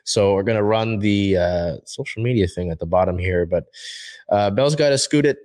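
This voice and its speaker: Young male sports show host, low voice, dry close sound, loose rambling delivery with restarts. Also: moderate pace, darkish tone, no room sound. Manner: rambling, many fillers and restarts. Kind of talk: casual sports talk show.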